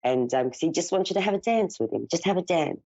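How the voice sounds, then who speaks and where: A psychic medium host, a woman with a fairly low, mellow voice, gives a live reading with lively intonation at a quick pace, soothing and reassuring her caller as "dear" and "darling." The audio is dull lo-fi broadcast quality with no room sound.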